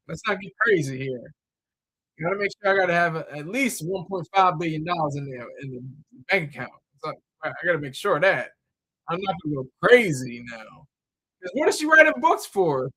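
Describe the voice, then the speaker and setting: A man's voice: sits high, pushed and bright. A man talking in a loose, rambling monologue, full of fillers, repeated words and restarts.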